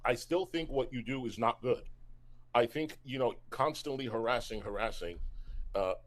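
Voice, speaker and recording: A man's voice: medium pitch, normal speed. A man in a replayed YouTube clip, talking defiantly and repeating himself. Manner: defiant, repetitive. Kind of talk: clip of a defensive YouTube rant.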